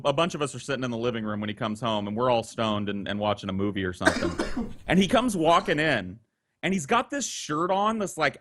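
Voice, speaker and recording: A man telling a long, profane anecdote in casual chat, rambling with restarts and quoting others. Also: on the high side. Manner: rambling, profane, full of restarts and acted quotes. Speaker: podcast storyteller. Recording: noisy home recording.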